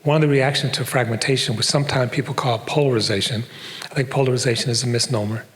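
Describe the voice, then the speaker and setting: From a performing arts center stage, an older professor from Detroit, USA, delivers a fast-paced, casual lecture to a live crowd, filled with fillers and digressions. His voice is mid-range with fairly even intonation, and long hall reverb surrounds it.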